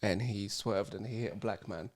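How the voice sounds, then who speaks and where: A man's voice: lowish voice, steady tone, normal speed. A young man co-hosting a podcast, telling rambling, sweary stories in casual banter and laughing often. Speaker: podcast co-host.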